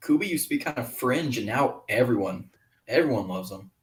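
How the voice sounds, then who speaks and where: A man chatting casually as a co-host, easygoing and quick to laugh along. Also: medium pitch, expressive. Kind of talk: casual chat.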